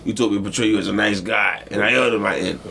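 A man's voice: on the low side, fairly even intonation, fast, gravelly, pushed and bright, a little hiss or hum. A man co-hosting a casual sports podcast, joking and cursing, slipping into mock voices. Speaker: podcast co-host.

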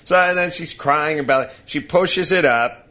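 Brief: male podcast host, rants with a laugh, bright forceful tone, higher-pitched. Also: normal speed. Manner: animated, ranting, laughing. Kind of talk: casual comic storytelling.

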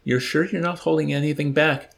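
A man voicing a fretful, self-pitying army doctor who complains in a shrill, whiny way. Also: steady tone, brisk, vocal fry. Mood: alarmed whining.

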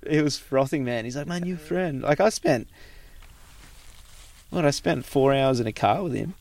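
A man's voice: mid-range voice, normal speed, creaky, no room sound. A man in his thirties with an Australian accent, telling a rambling travel story in casual chat, swearing freely and acting out what people said. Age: 30s. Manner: animated, swears freely, acts out quoted voices.

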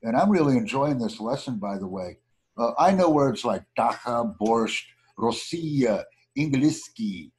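A man's voice: medium pitch, animated, unhurried, darkish tone. Polite man practicing on a video call. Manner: polite and formal, repeats words back, thanks often. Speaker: student and channel host. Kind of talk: casual online lesson.

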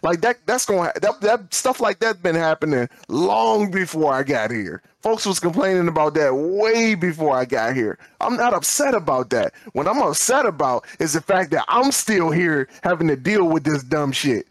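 A man's voice: a little high, sing-song, normal speed, few pauses, dry recording. A man co-hosting a podcast in casual storytelling chat, acting out quoted dialogue and repeating words when he gets fired up. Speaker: podcast co-host.

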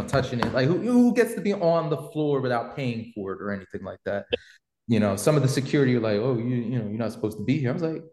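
A man's voice: lowish voice, a little mellow. Slangy man telling stories in a roomy space. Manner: slangy, rambling storyteller with many fillers. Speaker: podcast host. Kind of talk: casual storytelling chat.

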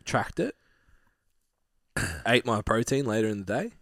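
A man co-hosting a podcast in casual chat, wry and quick to laugh, with casual swearing. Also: fairly low pitch, very animated, vocal fry, fairly bright tone, no echo, clean studio sound. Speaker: podcast co-host.

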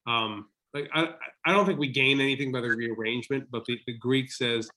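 A man's voice: mid-range voice, fairly quick, few pauses, bright, forceful tone. A man co-hosting a casual Bible study chat, playfully thinking aloud as he works through Greek words. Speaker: podcast co-host.

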